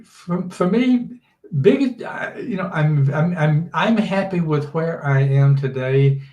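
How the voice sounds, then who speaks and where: An older man, a teacher, giving measured interview answers and often restarting his sentences. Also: fairly high pitch, a little mellow, reverberant, muffled recording. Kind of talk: slow thoughtful interview answers.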